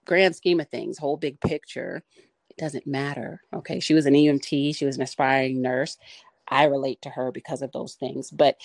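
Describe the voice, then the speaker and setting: A woman co-hosting a podcast, talking earnestly in a halting, filler-heavy way. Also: rumbling low, creaky, darkish tone, dry recording. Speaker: podcast co-host. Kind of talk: casual discussion.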